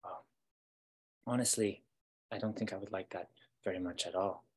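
A man voicing an earnest adolescent prince, soft-spoken and meek, with a husky voice. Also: low voice, fairly even intonation, moderate pace.

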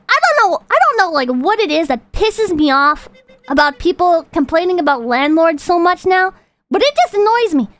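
A woman streamer with a very high voice who rants and swears in an animated way while reading chat. Her voice is dry and close, with no room sound. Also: normal speed, no room sound. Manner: profane, ranting, animated. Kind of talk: casual livestream reaction and chat reading.

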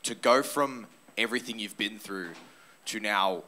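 A man's voice: on the low side, measured pace, sharp tone, slight background noise. A male reporter at a press conference asking a long, winding question.

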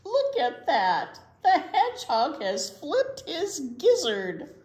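A woman's voice: sits high, huge pitch swings, slow pace, darkish tone, voice pushed up, exaggerated voice. A woman voicing a mocking farmyard gander who honks and chuckles at a hedgehog, heard in an echoey room. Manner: jeering, chuckling.

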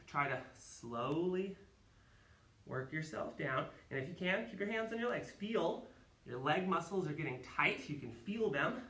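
Man teaching martial arts, lively pitch, bright voice, echoey room, mic a bit far. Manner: energetic, calls counts and shouts kiai yells. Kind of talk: live online class instruction.

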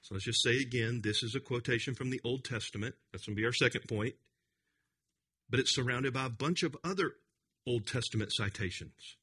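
Male pastor, conference sermon, emphatic delivery, bright forward tone with a husky edge. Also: mid-range voice, a little fast. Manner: earnest, emphatic, with frequent restarts and repetitions. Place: conference hall.

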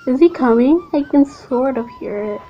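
A woman's voice: high-pitched, animated, normal speed, highs cut off. A woman giving nervous, jumpy, giggly commentary while playing a horror game. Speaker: gamer.

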